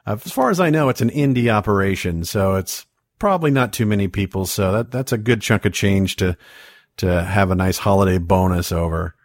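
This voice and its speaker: A man co-hosting a podcast in casual chat, joking quickly and laughing easily. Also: low-pitched, dry recording, studio quality. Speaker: podcast co-host.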